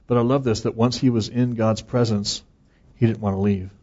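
A man's voice: lowish voice, steady tone, normal speed, mellow, lo-fi sound. A man preaching an earnest, conversational sermon as pastor, chuckling now and then.

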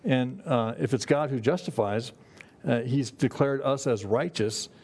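Man, middle-aged pastor, sermon, conversational, mid-range pitch. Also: measured pace, darkish tone. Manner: conversational, with frequent restarts and "you know".

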